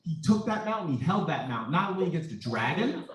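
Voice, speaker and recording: A man gives a playful, joking impromptu speech. His voice is high and bounces around a lot. He is heard from a distance in an echoey room, with an audience murmuring. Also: big pitch swings, fast, crowd noise. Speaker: student speaker.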